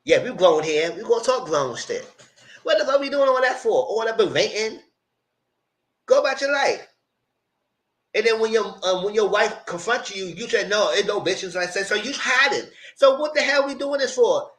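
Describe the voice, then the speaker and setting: A man with a high, swooping voice that jumps all over its range recaps reality TV live. He is blunt and profane and laughs often as he talks. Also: expressive, moderate pace, fairly bright tone. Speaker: channel host reviewing reality TV. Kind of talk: casual live recap commentary.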